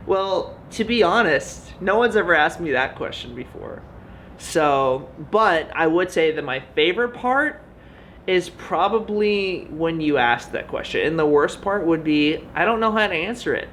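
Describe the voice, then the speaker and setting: A young man chatting in a casual vlog, his voice rising and falling all over the place and sitting a touch high for a man. He is goofy and animated, with sudden loud high yelps. A faint hiss of room noise sits under his voice. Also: unhurried. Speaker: vlogger.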